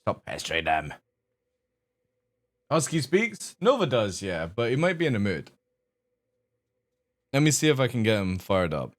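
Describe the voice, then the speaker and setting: Lively-voiced male streamer chatting. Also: a little slow, long pauses. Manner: coaxing his dogs in a high, sing-song voice. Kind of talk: casual live-stream chat.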